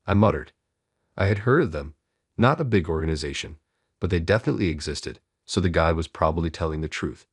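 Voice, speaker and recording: A man reading a first-person story aloud in an even, measured way. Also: sits low, slightly rough, no room sound, clean studio sound.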